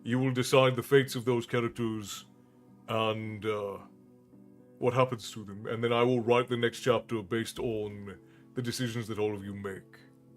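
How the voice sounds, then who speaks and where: Casual stream host, a man from Ireland, friendly and rambling, with soft music underneath. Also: mid-range voice, flat delivery, normal speed. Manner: friendly, rambling, greets viewers by name. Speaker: livestream host and storyteller. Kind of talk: casual chat with stream viewers.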